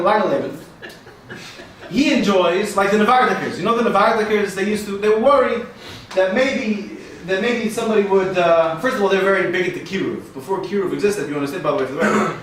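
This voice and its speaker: A man's voice: sits high, fairly bright tone, far from the mic, a little hiss or hum. A man performing a rambling stand-up set for a live audience, joking and sprinkling in Yiddish and Hebrew terms. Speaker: stand-up comedian. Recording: echoey room recorded from afar.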